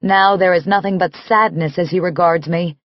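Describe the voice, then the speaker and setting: A woman narrating an audiobook in the first person, reading in a slow, measured, intimate way. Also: on the low side, fairly even intonation, no room sound, lo-fi sound.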